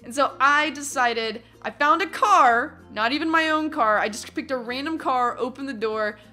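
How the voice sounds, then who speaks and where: A young adult woman telling a story from her teens in a casual vlog, animated and acting out what other people said. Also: high-pitched, moderate pace. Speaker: vlogger.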